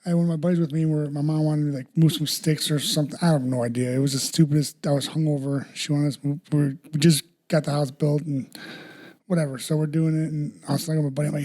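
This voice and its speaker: A man's voice: a little high, flat delivery, quick pace, dark tone. A man in his thirties, a firefighter co-hosting a podcast, telling a joking story in casual chat.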